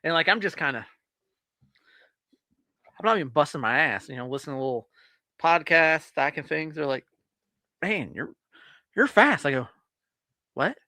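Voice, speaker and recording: A man with a bright, forceful voice, pitched a little high, trades teasing jokes in casual chat over beers. The recording is dry and close. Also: animated, normal speed, long pauses, dry recording. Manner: joking, teasing banter. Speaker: podcast co-host.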